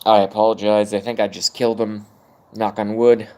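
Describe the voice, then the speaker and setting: A man's voice: on the low side, level tone, normal speed, darkish tone. A middle-aged man ranting casually on a livestream, rambling and swearing while chatting with viewers. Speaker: livestream host.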